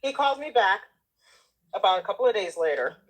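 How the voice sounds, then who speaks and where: A woman telling a personal story in casual conversation, animated, laughing often and acting out the voices of the people she quotes. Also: mid-range voice, a little fast, low-quality recording. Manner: acts out the people she quotes, including herself.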